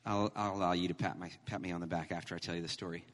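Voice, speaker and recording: A man in his thirties preaching a sermon as pastor, animated and emphatic, mixing humor with scripture. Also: deep voice, rapid-fire. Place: church sanctuary. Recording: long hall reverb.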